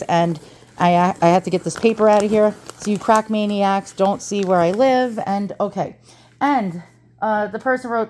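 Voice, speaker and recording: A woman's voice: mid-range voice, steady tone, moderate pace, a little mellow, slight background noise. A woman with an East Coast American accent, talking in a chatty and dramatic way in a casual unboxing vlog, swearing freely. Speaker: antiques reseller vlogger.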